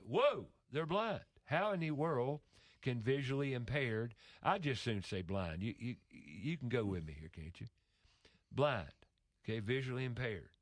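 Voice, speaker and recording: A man's voice: medium pitch, dry recording, clean studio sound. A man speaking in a casual conversation, telling an emotional story earnestly with frequent restarts.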